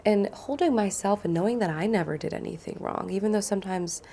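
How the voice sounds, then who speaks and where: A woman in her thirties talking through an emotional healing practice in a soft, earnest, casual way, sometimes dropping to a whisper. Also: medium pitch, fast talker, gravelly, a little hiss or hum. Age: 30s. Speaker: wellness guide. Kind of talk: casual guided teaching.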